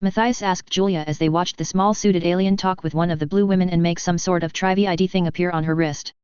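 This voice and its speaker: A narrator reading a science fiction story in an even, steady way. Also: medium pitch, fast, clean tone, dry recording, muffled recording.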